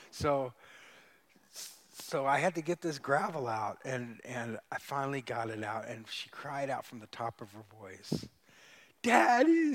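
A man preaching a sermon, telling stories with sudden loud peaks and quiet drops. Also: mid-range voice, dry recording. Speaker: pastor.

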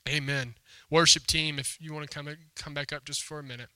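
Bright-voiced male pastor telling a story. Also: a little high, steady tone, a little fast, smooth, no room sound. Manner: storytelling with acted quotes, emphatic and conversational. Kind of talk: sermon. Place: church hall before a congregation.

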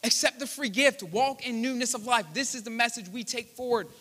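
High bright-voiced preacher in a reverberant hall. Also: male voice, fairly quick. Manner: impassioned preaching that rises to loud declarations. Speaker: pastor. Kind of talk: sermon. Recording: live church hall with long reverb.

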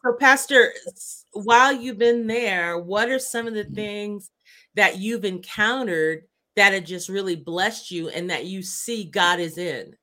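A woman's voice: medium pitch, measured pace, bright, forceful tone. A woman co-hosting a live-streamed church broadcast, asking the pastor friendly prompting questions. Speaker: co-host.

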